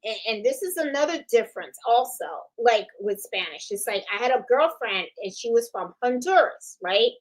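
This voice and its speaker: A woman's voice: fairly high pitch, expressive, moderate pace, hardly any pauses, poor audio. A middle-aged woman hosting a crafts channel, chatting casually on a live stream and rambling with lots of "you know" and "okay?". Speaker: host of a sewing and embroidery channel.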